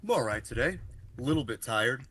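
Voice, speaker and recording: In a casual podcast chat, a male co-host meanders through a story, leaning on fillers and tossing in casual curses. He talks fairly quickly in a mid-range, fairly bright voice with lively intonation, over a little hiss or hum.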